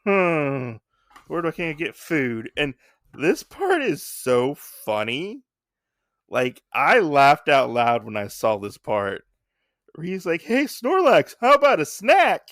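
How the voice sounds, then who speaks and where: A man with a medium-pitched voice speaks slowly, recorded in studio quality with no room sound. As co-host of a casual podcast, he animatedly recaps a comic chapter and acts out the characters' lines.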